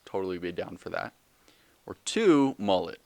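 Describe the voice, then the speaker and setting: Young male podcast host, very low voice, dry sound, rambling jokey monologue with lots of ums. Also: sing-song, moderate pace, creaky, a little mellow, no echo. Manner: rambling, joking, self-correcting with many fillers. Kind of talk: casual solo podcast monologue.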